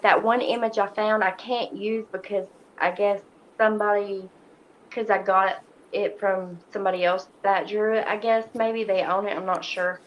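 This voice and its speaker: A woman's voice: medium pitch, a little hiss or hum. A woman guest in a casual chat, talking hesitantly and rambling, with some self-deprecating humor. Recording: slightly muffled sound.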